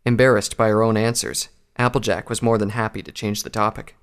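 A man narrating a story aloud in a steady, even storytelling manner. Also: on the low side, a little fast, few pauses, smooth.

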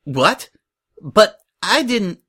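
A man's voice: a little high, lively intonation, normal speed, a bit bright. A man doing a bossy, scoffing girl pony. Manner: scoffing, demanding. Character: bossy rude young female pony designer.

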